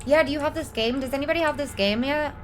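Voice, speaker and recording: A woman's voice: high voice, fast, a little hiss or hum. A young woman streaming a game live, chatting casually, swearing and thanking her chat. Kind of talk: live gameplay commentary.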